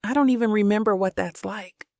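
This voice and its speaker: A woman voicing a wistful, soft-spoken young man in an audiobook. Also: mid-range voice, fairly quick, gravelly, no echo, clean studio sound, lightly acted. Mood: gentle. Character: young man, gentle and wistful film star.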